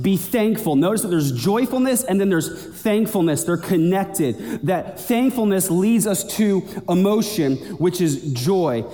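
Pastor, male, mellow higher-set voice, casual sermon delivery, long hall reverb. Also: animated, unhurried, few pauses. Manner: conversational preaching, builds in pitch toward the end.

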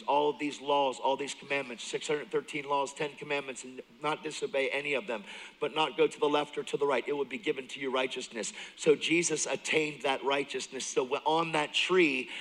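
A middle-aged man preaching a testimony sermon, moving from hushed intensity to excited near-shouting. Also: a little high, poor audio. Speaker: guest preacher.

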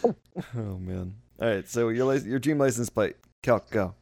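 A man's voice: mid-range voice, normal speed, vocal fry, darkish tone, dry recording. A man hosting a casual podcast, laughing often as he runs the segments with friends. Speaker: podcast host. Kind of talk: casual chat among friends.

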